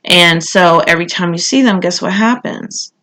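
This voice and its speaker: A woman's voice: lowish voice, normal speed, bright, forceful tone. A woman giving a casual, conversational tarot reading, talking with frequent fillers and asides. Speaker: tarot reader.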